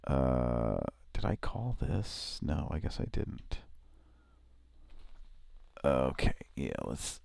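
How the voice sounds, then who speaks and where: A man's voice: extremely low pitch, very animated, extremely slow, vocal fry, pauses often, darkish tone, no echo. A man hosting a live prank-call show, mumbling casual asides that trail off to himself. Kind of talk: casual live-stream chat.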